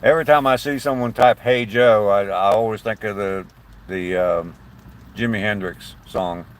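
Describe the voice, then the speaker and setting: Older guy from southern ohio, little southern twang, deep voice, chatty livestream host talking to chat. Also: normal speed. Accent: slight southern twang. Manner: chatty, rambling, friendly to chat. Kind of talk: casual live-stream chat with viewers.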